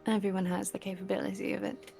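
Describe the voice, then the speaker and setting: A man voicing a gentle, protective god sibling in a high, soft voice that fusses over someone. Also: flat delivery, fast, gravelly, faint music behind.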